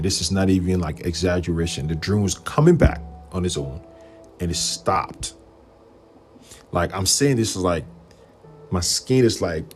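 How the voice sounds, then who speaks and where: A man with a very low voice hosts a livestream and tells a long story in a loose, rambling way. He gets animated and jumps up in pitch when he acts out what other people said. Faint music plays underneath. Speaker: livestream host.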